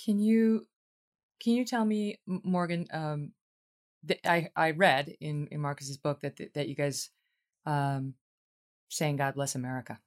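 A woman's voice: deep voice, fairly even intonation, measured pace, pauses often. A woman hosting an interview, asking her guests questions in an earnest, emotional way. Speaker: podcast host.

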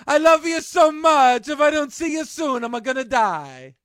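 A man's voice: very high-pitched, lively intonation, measured pace, fairly bright tone, no echo, clean studio sound, voice pushed up, full character voice. Man doing Clemenza, a crooning Italian-American mobster.

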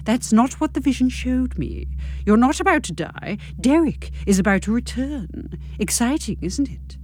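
A woman voicing a serene hippie father, a Reiki master who speaks in a gentle, soothing way. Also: very high-pitched, sing-song, moderate pace, a little hiss or hum.

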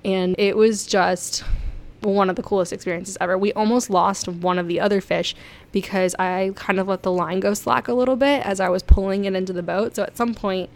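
A young woman from South Florida telling stories casually to her viewers, chatty and excitable, laughing often. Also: medium pitch, a little fast. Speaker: vlogger. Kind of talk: casual storytelling.

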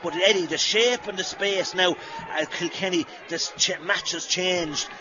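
A man's voice: sits high, background noise. Irish man calling a hurling match. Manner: rapid, rising to shouts at big plays. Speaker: radio match commentator. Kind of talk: live play-by-play commentary. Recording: lo-fi radio broadcast with loud crowd. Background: loud stadium crowd.

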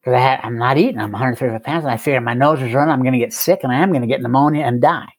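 A man's voice: medium pitch, racing, no room sound. An older man, a guest, telling his recovery story in a conversational way, with wry self-mocking humor and frequent chuckles.

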